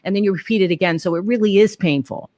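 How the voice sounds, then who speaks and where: A woman's voice: medium pitch, fast, a little mellow. A woman teaching a voice master class over a video call, encouraging and sometimes sounding out phrases in French. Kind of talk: live-streamed master class coaching.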